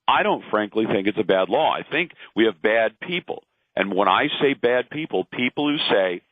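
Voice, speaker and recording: A man's voice: fairly low pitch, expressive, normal speed, dry recording. A middle-aged man giving opinionated talk radio commentary, emphatic and argumentative, acting out the voices he quotes. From Pacific Northwest, lives in Portland. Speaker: radio talk host, guest. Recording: dry, tinny phone line.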